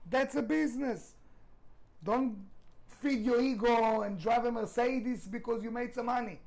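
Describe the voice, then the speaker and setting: A man's voice: extremely high pitch, fairly even intonation, measured pace, vocal fry, a little mellow, low-quality recording. A middle-aged man, a restaurant founder, telling his story in a podcast interview, emphatic, swearing freely, with non-native grammar.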